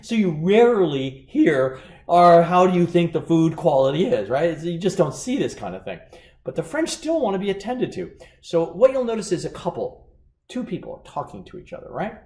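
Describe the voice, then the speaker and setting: Man, business lecturer, animated storyteller, lively pitch, echoey room. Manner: animated, acts out anecdotes.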